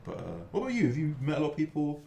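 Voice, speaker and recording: A man's voice: a little high, very fast, vocal fry. A young man hosting, casually telling stories and acting out the people in them. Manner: animated storyteller, acts out voices. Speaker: host. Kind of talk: casual chat. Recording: echoey room, faint background noise.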